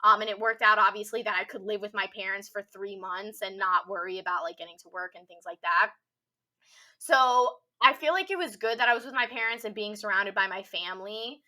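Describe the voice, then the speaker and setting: A young woman telling a personal story on a podcast, rambling casually with constant "like" fillers and a soft, subdued delivery. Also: mid-range voice, a little fast. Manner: rambling, heavy use of "like" filler.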